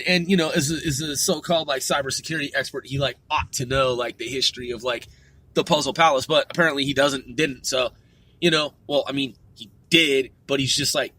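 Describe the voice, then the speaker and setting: A man delivering a profane political rant, crude and full of swearing, filler words and "dude", swinging from muttering to shouting. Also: mid-range voice, dry recording. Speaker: political commentator.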